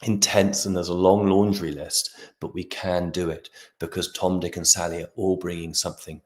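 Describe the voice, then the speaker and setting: A middle-aged man, a guest astrologer on a video-call interview, talking in an expansive, animated way with frequent restarts. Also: low voice, normal speed. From Britain. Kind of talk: podcast interview.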